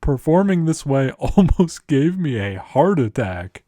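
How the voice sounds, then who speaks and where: A man's voice: on the high side, very animated, measured pace, mellow, no room sound, voice pushed up. A man voicing a haughty, irritable classical composer who scoffs at others. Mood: scornful. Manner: irritable and scornful.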